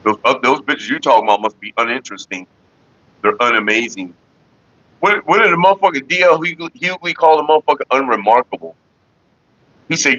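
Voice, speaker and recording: A middle-aged man hosting a casual livestream, talking in a rambling, profane way with animated retellings. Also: medium pitch, fairly quick, no room sound, lo-fi sound. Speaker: livestream host.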